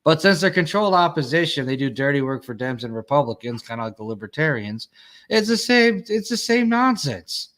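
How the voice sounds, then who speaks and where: Lively, crude-talking man in casual chat. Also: a little high, fairly quick. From Chicago. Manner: rambling, crude, animated. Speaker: podcast host.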